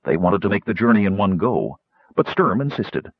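A man narrating an audiobook in a measured, expressive storytelling manner. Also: fairly low pitch, slightly rough, no room sound. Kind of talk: scripted narration. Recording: dull, dry recording.

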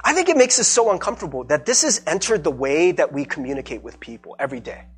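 A man's voice: fairly high pitch, fast talker, slightly rough, faint music behind. A male pastor giving a conversational sermon, acting out bits of everyday dialogue and checking in with "right?". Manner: animated, acts out everyday dialogue with repeated "right?".

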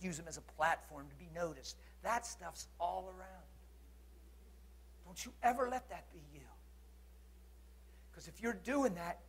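A man's voice: high voice, husky. A blunt, earnest preacher man. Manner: blunt, earnest and challenging, swinging between loud urging and quiet intensity. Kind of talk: sermon.

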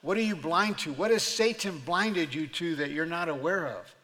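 Animated older man preaching in a reverberant hall. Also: fairly high pitch, normal speed. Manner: animated storyteller, acts out voices, laughs often. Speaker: pastor. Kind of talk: sermon.

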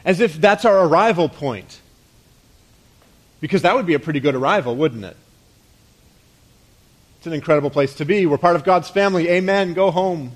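A man preaches to his congregation in a relaxed, conversational way. His voice sits a little high, and he often sinks quietly at the close of a thought. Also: normal speed, pauses often. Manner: conversational preaching with rhetorical questions and soft drops at phrase ends. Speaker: pastor. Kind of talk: sermon.

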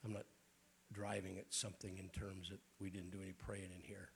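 Hoarse, raspy preacher with a gravelly low voice. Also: male voice, flat delivery, a little fast, slight background noise. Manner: folksy, joking asides to the congregation. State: hoarse, clearing his throat. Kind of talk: informal Pentecostal sermon. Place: church.

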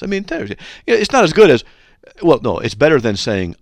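A man hosting a radio talk show, speaking bluntly and argumentatively, with animated, joking asides. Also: a little high, brisk, vocal fry, no echo, clean studio sound.

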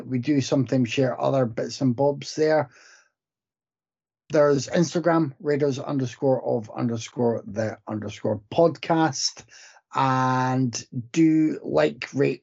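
Man podcast co-host, gravelly, husky voice, muffled lo-fi sound. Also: medium pitch, takes it slowly, a little mellow. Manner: joking, self-mocking, sweary. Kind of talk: casual podcast chat. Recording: muffled lo-fi audio.

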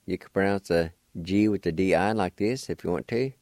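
A man's voice: low-pitched, a little mellow, dry recording, clean studio sound. A middle-aged man, teaching vocabulary on the radio and spelling each word out letter by letter. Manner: spells out words letter by letter, unhurried. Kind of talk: slow, deliberate language lesson.

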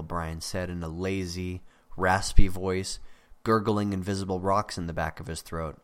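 A man reading a novel aloud in plain, even scripted narration. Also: low voice, a little slow, smooth. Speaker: audiobook narrator.

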